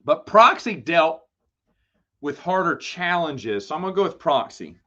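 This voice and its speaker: A man hosting a live Q&A stream, chatting casually and telling lively, playful stories to viewers. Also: a little high, unhurried. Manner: animated storytelling, lively and playful. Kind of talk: casual livestream chat. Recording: dull lo-fi stream audio.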